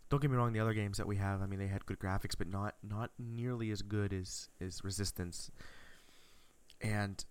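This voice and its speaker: A man's voice: fairly low pitch, steady tone, normal speed, clear, resonant tone. A young man hosting a podcast, telling a nostalgic story in an enthusiastic, rambling way. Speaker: podcast host. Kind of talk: casual storytelling chat.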